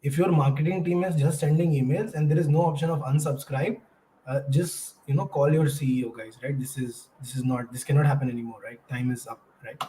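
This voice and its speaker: A man's voice: medium pitch, steady tone, fairly quick, mellow, a little hiss or hum, rough recording. A man hosting a panel, chatty and often tagging "right?" onto his sentences. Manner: chatty, keeps adding "right?". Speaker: host. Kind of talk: panel discussion.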